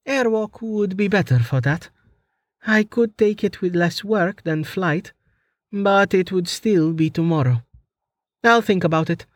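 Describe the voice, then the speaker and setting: A man's voice: sits high, a little slow, dry recording, voice pushed up. A man voicing a practical young woman mage in a raised, dry, matter-of-fact voice.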